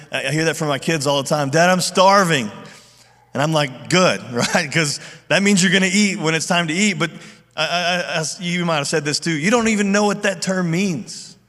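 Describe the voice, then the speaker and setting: Middle-aged male pastor, earnest conversational preacher, slightly higher voice, long hall reverb. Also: fairly bright tone. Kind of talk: sermon.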